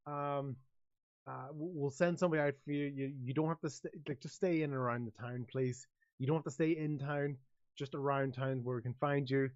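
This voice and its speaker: A man's voice: medium pitch, fairly even intonation, a little fast, darkish tone, no room sound, lightly acted. A man voicing a nervous male town guard who stammers and pleads, in a dull, lo-fi recording. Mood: nervous pleading.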